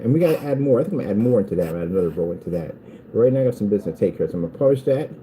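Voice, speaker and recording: A man's voice: mid-range voice, warm tone, slight background noise, rough recording. A man running a small business, talking casually in a rambling vlog from his workshop and taunting his critics. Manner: taunting, mocking haters in a sing-song voice.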